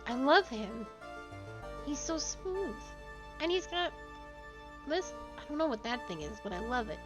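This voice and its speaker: A woman's voice: high voice, sing-song, a little slow, pauses often. A woman streamer chatting casually as she plays a game, reacting aloud, with game music behind her. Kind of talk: live gameplay commentary.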